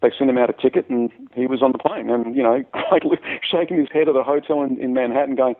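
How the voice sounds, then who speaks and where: An Australian man spins lively stories from his career. He stumbles over and repeats words as the tales tumble out. His voice comes through a thin, phone-like line at a middle pitch. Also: quick pace. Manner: animated storyteller who repeats words as he goes. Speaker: musician guest. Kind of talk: casual anecdote telling.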